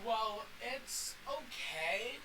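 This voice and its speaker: A man's voice: very high-pitched, animated, very slow, background noise. A young man in casual chat who explains a fighting game at length, filling his talk with "uh" and "you know". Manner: rambling explanations with many fillers. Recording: voice from away from the mic.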